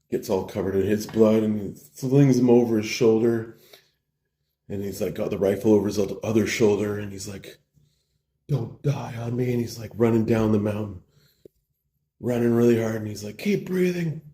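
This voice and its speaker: A preacher telling a parable in a casual, slangy way, full of like and bro. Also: male voice, on the low side, little pitch movement, normal speed, warm tone, a little hiss or hum. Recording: roomy echo.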